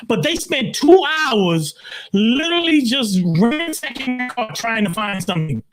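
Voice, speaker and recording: A man in his sixties from Brooklyn, a pastor telling his life story in an interview, emphatic and animated, leaning on "literally" and acting out his own quotes. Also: very high voice, a little slow, faint music behind. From Brooklyn, New York. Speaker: pastor, guest.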